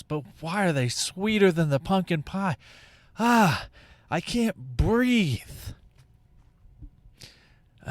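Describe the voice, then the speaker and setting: A man with a fairly high-pitched voice hosts a podcast, delivering a casual comedic monologue. He rambles, swears, restarts, and keeps wandering off on tangents. The recording has no echo.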